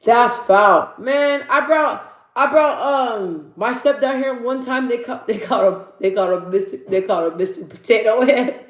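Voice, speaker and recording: A woman's voice: fairly high pitch, a little slow. A young woman hosting a casual livestream, laughing often and chatting with her viewers as she reads the chat. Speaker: livestream host. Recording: echoey room.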